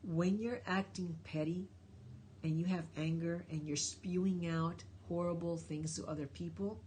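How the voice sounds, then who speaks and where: A woman's voice: lowish voice, steady tone, unhurried, mellow, slight background noise. A woman hosting a live stream Q&A, answering viewers' questions with emphatic, encouraging life advice. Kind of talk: live stream Q&A, reading chat.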